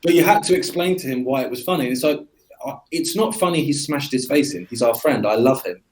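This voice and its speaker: An English man, a guest in a casual interview, telling lively anecdotes with energy. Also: mid-range voice, quick pace. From England. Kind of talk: casual conversation.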